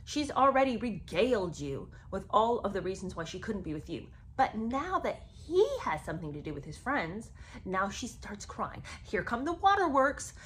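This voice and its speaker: A woman's voice: medium pitch, sing-song, normal speed, a little hiss or hum. A woman giving sarcastic, exasperated commentary on a memoir, talking in a chatty way to her viewers. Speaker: book commentary host.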